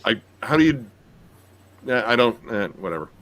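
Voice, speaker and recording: A man's voice: mid-range voice, normal speed. A man hosting a casual podcast chat, rambling with lots of fillers. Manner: relaxed, rambling with many fillers.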